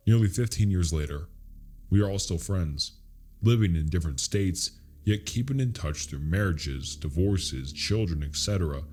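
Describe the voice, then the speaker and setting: Deep dark-voiced man narrating horror. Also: lively intonation, normal speed. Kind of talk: scripted horror story narration.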